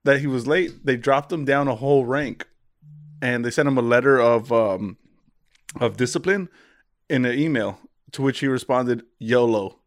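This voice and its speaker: A man's voice: mid-range voice, moderate pace. A young man co-hosting a podcast, chatting playfully, teasing and giggling. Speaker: podcast co-host. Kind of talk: casual chat.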